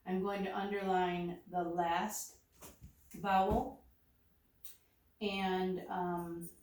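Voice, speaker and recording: Slow methodical woman teacher in echoey room. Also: mid-range voice, a little mellow, far from the mic. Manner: methodical, narrates each step aloud. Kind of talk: slow step-by-step phonics demonstration.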